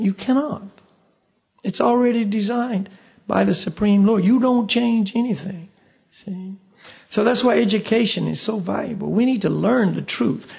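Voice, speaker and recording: A man's voice: sits high, creaky, darkish tone. A man teaching a spiritual class in a conversational way. He keeps saying "you see" and acts out little dialogues. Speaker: meditation teacher. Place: meditation class room.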